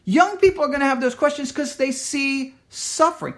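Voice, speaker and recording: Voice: high voice, moderate pace, a bit bright. An emphatic Christian commentator reads a news article aloud and breaks it down as he goes. The delivery is impassioned and insistent. Sentences often restart, and the speaker acts out other people's words in quotes.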